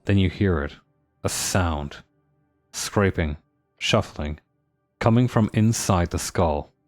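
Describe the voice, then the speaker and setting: A man's voice: low-pitched, slow, no room sound, clean studio sound, soft background music. A man streaming a story game, reading its narration aloud with dramatic pacing and joking asides.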